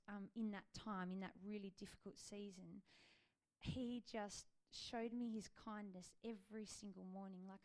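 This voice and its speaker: A woman in her thirties sharing a personal faith testimony in a gentle, earnest way, with frequent ums and likes. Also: medium pitch.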